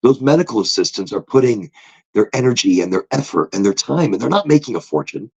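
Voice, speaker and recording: A man hosts a relaxed motivational podcast, his voice gravelly and a little husky. He talks in a loose, animated way, swinging his pitch up and down a lot. The recording sounds dull and lo-fi. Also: fairly quick. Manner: animated, swoops into high excited tones when retelling stories. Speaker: podcast host. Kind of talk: casual motivational monologue.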